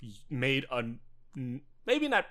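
Animated, lively-pitched man from Jersey. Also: measured pace. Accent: New Jersey. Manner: animated and joking, laughs often, swears casually. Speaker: podcast co-host. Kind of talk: casual chat.

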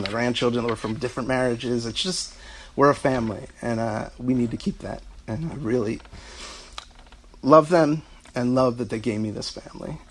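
A man's voice: mid-range voice, slight background noise. A middle-aged man giving a heartfelt speech about his parents, telling family anecdotes and laughing through them. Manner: storytelling, warm asides, laughing through anecdotes.

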